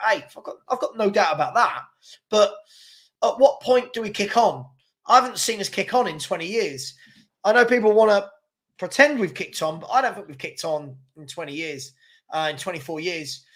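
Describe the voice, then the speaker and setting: A man's voice: high-pitched, a bit bright. A man hosting a casual livestream, rambling, repeating words and reading out viewer comments. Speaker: fan channel host.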